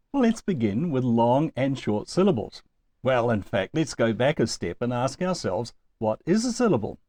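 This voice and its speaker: Man teaching Greek with lively pitch. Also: no room sound. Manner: slow, deliberate over example words, with chuckles. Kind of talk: recorded lecture.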